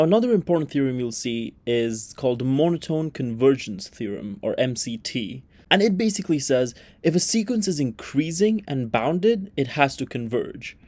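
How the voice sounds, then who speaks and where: A young man explaining math as a comedy bit, with crude slang and banter, jumping between loud outbursts and low mutters. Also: no echo.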